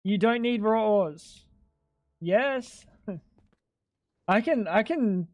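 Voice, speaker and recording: A high-voiced man chatting casually while he streams a game. He explains bluntly, often sounds exasperated and swears freely. His voice sits close and dry, with no room sound at all. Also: lively intonation, extremely slow, long pauses, darkish tone, dry recording. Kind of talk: casual livestream chat while gaming.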